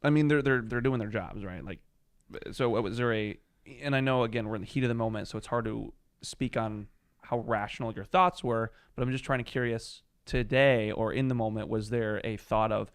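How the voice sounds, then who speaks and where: A man's voice: lowish voice, brisk, clean tone, dry recording, studio quality. A man hosting a podcast, asking probing but sympathetic interview questions. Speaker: podcast host.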